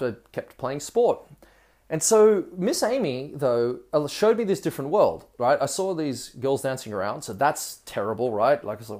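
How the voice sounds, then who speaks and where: A man's voice: medium pitch, expressive, moderate pace, a little mellow. A man telling a personal story in a casual, chatty way, with frequent asides and laughs.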